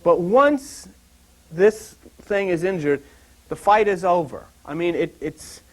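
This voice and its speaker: An older man giving a rambling Bible talk and drifting into funny personal stories in an animated, digressive way. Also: high-pitched, takes it slowly. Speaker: Bible teacher.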